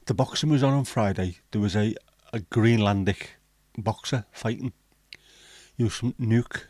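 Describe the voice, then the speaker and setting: Man, low voice, casual livestream host, chatty, swears, dry sound. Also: moderate pace, a little mellow, no echo. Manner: chatty, swears freely, reads viewer comments aloud.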